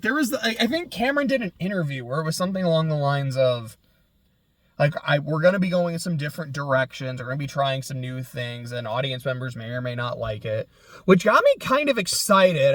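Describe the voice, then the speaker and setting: A young man talks casually and alone, drifting from one thought to the next and doubling back to fix his words. His pitch sits in the middle, and his sentences often fade soft at the end. The sound is dry and close, with no room echo. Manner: rambling, self-correcting, trails off quietly. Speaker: podcast host. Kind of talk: casual solo chat.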